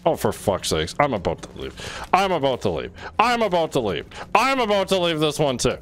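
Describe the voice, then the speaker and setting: A man's voice: fairly high pitch, huge pitch swings, moderate pace, a bit bright. A man streaming a game, ranting and swearing in exasperated, repetitive bursts. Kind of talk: frustrated gameplay commentary. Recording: faint music behind.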